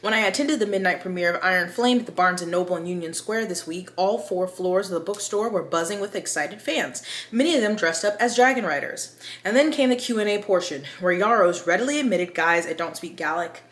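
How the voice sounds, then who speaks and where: A woman talking about books to her viewers in a loose, chatty way. She rambles a little and jokes about her own tangents as she reads and comments on an article. Her pitch sits in a typical middle range. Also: fairly quick, a bit bright, roomy sound. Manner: chatty, rambling, self-aware. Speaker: book video host. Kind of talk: casual chat and article reading.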